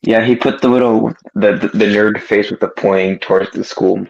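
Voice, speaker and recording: Male caller, lowish voice, stammers and restarts, muffled lo-fi audio. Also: steady tone, normal speed, gravelly, a little mellow. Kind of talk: casual voice-call chat.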